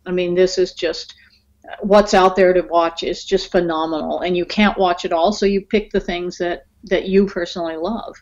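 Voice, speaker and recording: A woman's voice: fairly low pitch, steady tone, normal speed, darkish tone, highs cut off. A woman guest screenwriter talking casually in a podcast interview, chatty, with many fillers and easy laughs. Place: in Los Angeles.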